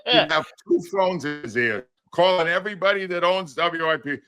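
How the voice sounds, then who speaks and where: Older guy ranting about football, high bright voice swinging all over the place, super sarcastic. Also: expressive, normal speed, few pauses. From United States. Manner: sarcastic, exasperated, wildly swinging emphasis. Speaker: guest sports commentator. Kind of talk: animated radio-style rant.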